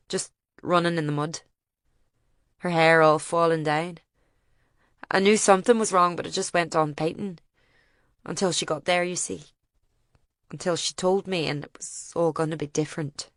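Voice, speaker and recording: A grieving older farmer , as a woman reads him recounts that day in plain, halting dialect. The voice is lowish and the recording is dry and close. It is an audiobook reading. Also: steady tone, a bit bright, no echo, natural voice. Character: grieving older male farmer telling of a bombing.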